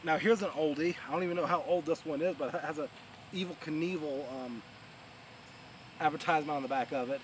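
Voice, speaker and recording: Fairly quick and fairly high-pitched, a man with a New York accent vlogs a casual, meandering review outside, full of fillers and false starts. He talks over the loud hum of distant heavy machinery and traffic.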